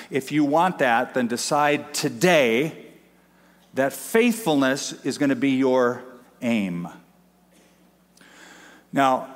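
A man preaching a sermon as a pastor, emphatic, with dramatic pauses and repetition. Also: mid-range voice. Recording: long hall reverb.

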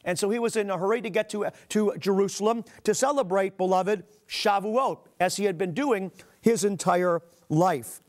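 Man, high-pitched voice, earnest preacher, sermon, emphatic scripture reading. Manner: earnest, repeatedly addresses listeners as "beloved"; reads scripture aloud with emphatic pauses.

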